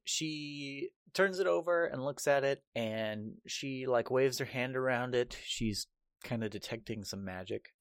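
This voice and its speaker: Man, game master, relaxed narration, fillers, mid pitch, dry close mic, faint music. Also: unhurried, no room sound.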